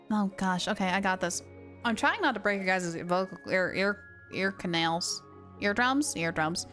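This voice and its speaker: A woman's voice: medium pitch, animated, moderate pace, a bit bright, faint music behind. A young woman streaming a game, chatting casually and self-mockingly with viewers while she plays. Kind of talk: casual live-stream chat while gaming.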